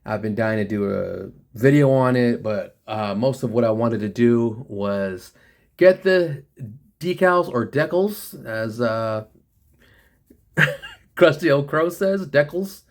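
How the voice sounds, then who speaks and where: A man from the United States hosting a casual, rambling toy review chat, full of slang and quick laughs. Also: on the low side. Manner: rambling, laughs often, many fillers, slangy.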